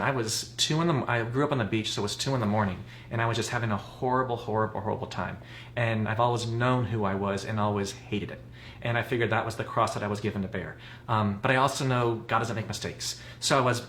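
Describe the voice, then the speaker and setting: A man's voice: on the low side, fairly even intonation, fast talker, fairly bright tone. A man in his forties, a guest in casual chat, telling personal stories in a candid, rambling way. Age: 40s. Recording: roomy with faint noise.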